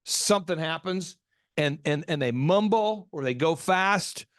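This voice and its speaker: A man hosting a business podcast, telling stories in an animated, emphatic way. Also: fairly high pitch, unhurried, dry recording, studio quality. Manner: animated storytelling, emphatic asides. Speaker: podcast host.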